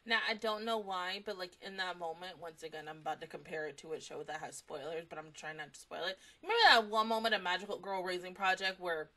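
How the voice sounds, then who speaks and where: A woman's voice: on the low side, fairly even intonation, fast, few pauses, pushed and bright. A young adult woman giving casual anime reaction commentary, talking affectionately to the characters on screen.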